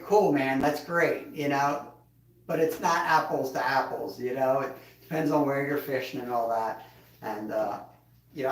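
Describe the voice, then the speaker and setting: A relaxed man with a twang chats casually on his livestream, his fairly high voice sitting back from the mic. The sound bounces around an echoey room, and he chuckles as he answers his viewers. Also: distant mic. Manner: laid-back, chuckles, reads chat aloud. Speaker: livestream host.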